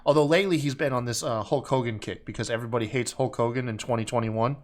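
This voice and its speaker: A man's voice: mid-range voice, fast talker. A man co-hosting a casual podcast, brash and swearing freely. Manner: brash, swears freely, quotes others in mock voices. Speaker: podcast co-host. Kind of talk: casual chat.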